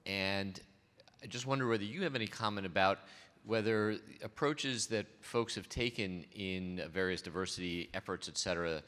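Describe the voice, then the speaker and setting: Low-voiced man with a bright tone, questioning from the floor in a reverberant hall. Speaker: audience member asking a question. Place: conference hall.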